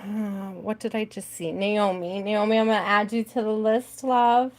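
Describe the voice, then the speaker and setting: A woman's voice: mid-range voice, little pitch movement, normal speed. Woman, chatty tarot host: casual, easygoing live-stream talk with frequent laughter, mid-range voice, calls out to viewers. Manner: chatty, laughs often, talks to viewers by name.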